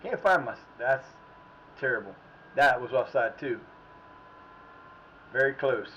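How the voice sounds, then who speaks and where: A man commentating his own game on a live stream, drifting between quiet muttering and sudden outbursts at the plays. His voice sits in an ordinary middle register, and the sound is a bit muffled, with a faint hiss underneath. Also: medium pitch, animated, slow. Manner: rambling, muttering to himself, reacting loudly to plays. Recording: slightly muffled with faint background noise.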